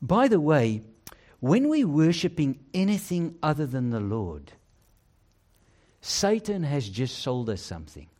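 A man preaching a sermon with emphasis and rhetorical questions, dropping low and quiet to stress key phrases.

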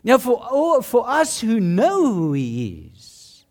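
A preacher speaking slowly and deliberately, pitch rising and falling with lively emphasis. The sermon builds through rhetorical questions and short, punchy lines. Each point is given room to land. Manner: measured, punchy short phrases.

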